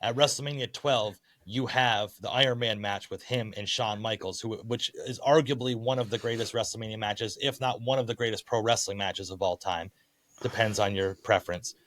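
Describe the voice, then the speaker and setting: Low-voiced man ranting about wrestling. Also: moderate pace, fairly bright tone, dry recording. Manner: opinionated, frustrated rant. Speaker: podcast co-host. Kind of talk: casual wrestling chat.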